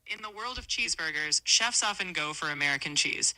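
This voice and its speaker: A woman's voice as an AI assistant, smooth and polite with evenly agreeable chatbot replies. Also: sits low, lively intonation, brisk, sharp tone, dry recording, rough recording.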